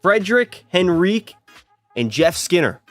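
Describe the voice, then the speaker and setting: A man's voice: high-pitched, big pitch swings, unhurried, dry recording, soft background music. A young man live-streaming a hockey video game, chatting and teasing his viewers as he plays. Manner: chatty, teasing, banters with chat.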